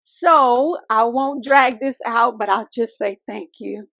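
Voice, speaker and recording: Woman vlogger, heartfelt and devout, gravelly voice on a dry, lo-fi recording. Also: a little high, slow pace, a bit bright, dry recording. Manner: earnest, faith-filled, addresses viewers as y'all and honey. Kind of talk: heartfelt casual vlog talk. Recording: dull lo-fi dry sound.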